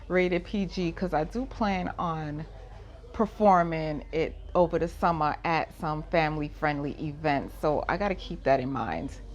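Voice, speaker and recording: A young woman, talking casually into her phone camera, thinking aloud and singing bits of a song draft. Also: on the low side. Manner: chatty, thinks aloud, sings snatches of melody. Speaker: songwriter vlogging her process. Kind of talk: casual vlog talk, singing draft lyrics.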